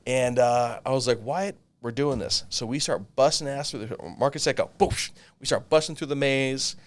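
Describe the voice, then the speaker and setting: Animated man telling a swearing story. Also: medium pitch. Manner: animated, swears freely, quick asides. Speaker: podcast co-host. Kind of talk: casual storytelling.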